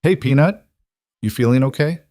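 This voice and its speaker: A man's voice: mid-range voice, animated, normal speed, a little mellow, no room sound, studio quality, voice pushed up, natural voice. A man playing a tired, protective single father and mechanic who talks in a blunt, guarded way, in audiobook narration.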